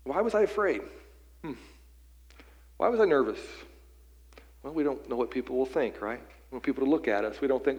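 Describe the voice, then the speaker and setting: A man's voice: fairly high pitch, lively intonation, fairly quick, long pauses, in a large hall, dull audio. A man preaching a sermon from western Pennsylvania, telling a personal story in a conversational way and often repeating his words as he goes. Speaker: pastor.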